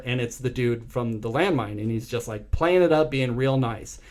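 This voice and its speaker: A young adult man co-hosting a podcast, retelling a movie plot in a casual, animated way and acting out the quotes. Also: mid-range voice, normal speed, hardly any pauses. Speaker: podcast co-host. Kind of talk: casual movie recap chat.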